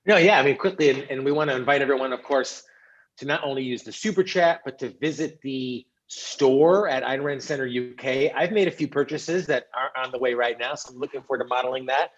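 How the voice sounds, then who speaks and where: A man's voice: mid-range voice, brisk, highs cut off. A man co-hosting a casual online panel show, chatty and upbeat with many fillers. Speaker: co-host.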